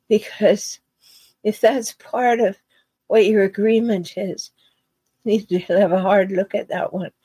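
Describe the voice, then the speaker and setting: Slow, mellow-voiced woman giving advice. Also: medium pitch, husky, no room sound, poor audio. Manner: earnest, emphatic, repeats key phrases; unhurried with deliberate pauses. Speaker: relationship advice host. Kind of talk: solo advice talk.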